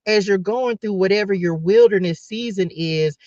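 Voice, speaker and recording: Passionate high-voiced man, dull dry sound. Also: a little mellow, no echo. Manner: passionate, repeats "y'all" and praise phrases, halting restarts. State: emotional, close to tears. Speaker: host giving a spiritual message. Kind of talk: casual live spiritual talk to viewers.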